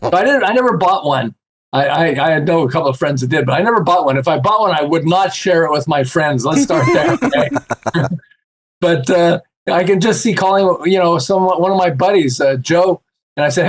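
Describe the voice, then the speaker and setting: A man with a slightly high voice chatting casually as a podcast guest. He tells lively stories and acts out the voices of the people in them. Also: brisk. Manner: animated, acts out quoted voices with laughs. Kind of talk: casual storytelling chat.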